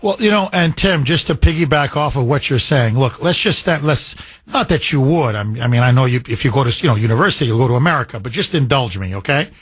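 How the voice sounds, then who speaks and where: A man's voice: mid-range voice, lively intonation, quick pace, breathy edge, no room sound. A man hosting a talk radio show, speaking emphatically and building heat as he argues.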